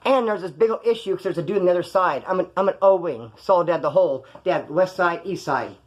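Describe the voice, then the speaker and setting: Speaking quickly in a high voice, a man with a Californian accent recounts prison stories in a casual monologue full of profanity. He's animated and frequently imitates the voices of others.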